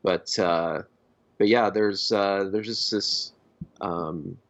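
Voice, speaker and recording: A man co-hosting a podcast, talking about films in a halting, hesitant way. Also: low-pitched, steady tone. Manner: halting, full of fillers and restarts. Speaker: podcast co-host. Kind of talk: casual film discussion. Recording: dull lo-fi podcast audio.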